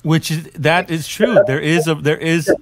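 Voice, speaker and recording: A man hosts a casual podcast interview with a dry, close sound. He keeps it relaxed, cheering his guest on with quick agreements. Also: a little high, dry recording. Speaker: podcast host.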